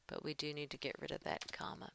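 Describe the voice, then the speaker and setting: A woman's voice: sits low, big pitch swings, fast, vocal fry, sharp tone. A woman giving a writing lesson, talking through edits as she works and reading draft passages aloud. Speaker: writing teacher. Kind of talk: screen-share editing lesson.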